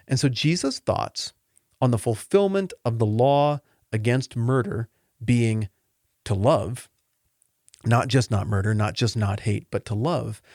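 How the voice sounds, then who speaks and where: In a clean studio recording with no room sound, a man runs a casual podcast teaching the Bible. His talk is sincere, meandering, and openly emotional, delivered conversationally with lively pitch movement.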